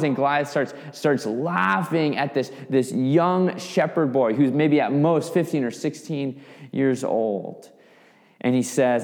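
A man preaching a sermon, telling a story with lively, vivid asides. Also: mid-range voice, slow pace. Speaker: pastor. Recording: long reverb of a hall.

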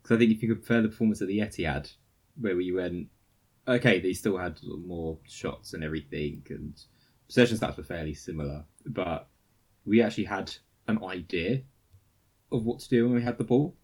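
A man's voice: low-pitched, normal speed, darkish tone, husky. A man co-hosting a casual football podcast, giving crude, swearing, run-on match analysis. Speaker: podcast co-host.

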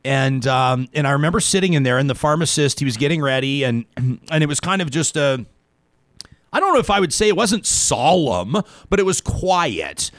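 A male talk show host tells a personal story in a reflective way that turns animated. His voice sits a bit high for a man. The sound is dry and close, with no room around it. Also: normal speed, no room sound. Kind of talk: casual talk show conversation.

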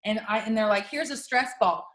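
A woman's voice: mid-range voice, brisk, reverberant. A woman telling a personal story in casual chat, laughing and acting out what people said. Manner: animated, laughing storytelling with voiced quotes.

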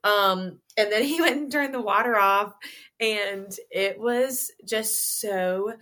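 A woman's voice: medium pitch, slow pace, sharp tone. A young adult woman, a podcast guest telling a story in a casual interview. She talks animatedly and laughs and giggles often.

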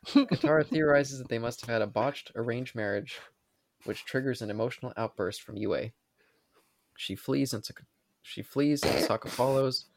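Tipsy from wine, a male podcast host reads an episode recap, stumbling, restarting, and swearing at his own slips. His voice is mid-range, with no echo.

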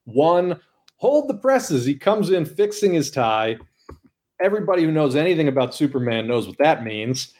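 A man co-hosting a podcast, chatting casually and enthusiastically about comic art, breaking into excited exclamations. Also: medium pitch, a little fast. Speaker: podcast co-host.

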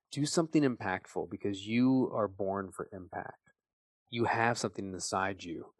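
A middle-aged man hosting a podcast, telling a personal story in an earnest, animated way with frequent fillers. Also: lowish voice, dry recording. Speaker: podcast host.

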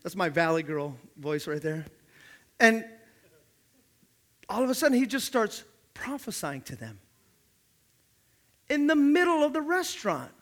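A man preaching a sermon, telling animated stories and building to loud, emphatic preaching. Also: high voice, measured pace, pauses often. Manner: animated storytelling, acting out the people in his stories. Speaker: pastor.

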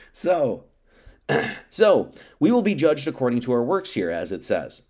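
A man's voice: mid-range voice, huge pitch swings, moderate pace, darkish tone. A man giving an informal sermon, talking casually, reading scripture and acting out quotes, with many restarts. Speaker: preacher.

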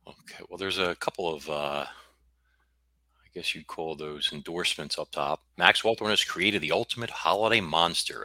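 Very deep-voiced man with a faint Brooklyn accent. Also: bright, forceful tone, no room sound. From United States. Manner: rambling, self-interrupting, reads a synopsis aloud. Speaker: author guest. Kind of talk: casual interview chat. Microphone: video call.

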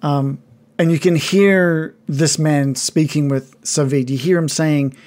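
A game master runs a tabletop game at a middle pitch. The narration is hesitant and filled with ums and restarts, relaxed and unpolished. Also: slow.

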